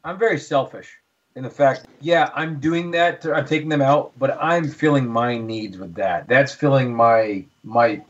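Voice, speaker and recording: A middle-aged man appears as a guest on a hunting podcast, telling stories enthusiastically and restarting often. His voice is medium-pitched and unhurried, and the recording sounds dull and lo-fi.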